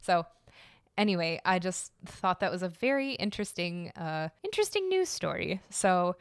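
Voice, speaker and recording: A woman's voice: fairly low pitch, big pitch swings, moderate pace, over music. A young woman hosting a casual solo art and history podcast, chatty and opinionated, with lots of fillers and asides. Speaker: podcast host.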